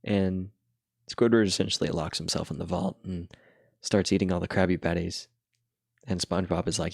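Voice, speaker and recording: A man's voice: deep voice, steady tone, normal speed, creaky, no room sound, clean studio sound. A man chatting casually while drawing, retelling a cartoon episode in a laid-back, rambling way.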